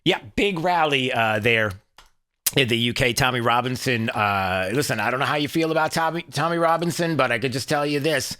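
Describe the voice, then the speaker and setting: A man hosts his own commentary show in a bright, forward voice. He rambles along with plenty of fillers and drops in jokey asides. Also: medium pitch, fairly quick. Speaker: show host. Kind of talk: casual commentary.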